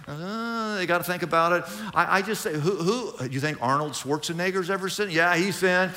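A man preaching in a church, his bright, forceful voice carrying a long reverb from the large room around him. He talks in a lively, conversational way and acts out both sides of the little dialogues he describes. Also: high voice, moderate pace, few pauses. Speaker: pastor. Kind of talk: sermon.

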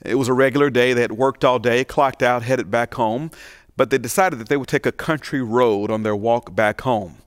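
A man preaching a sermon, telling a folksy parable with animated, building emphasis before moving into the message. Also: medium pitch, normal speed, smooth, dry recording, studio quality. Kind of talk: sermon storytelling.

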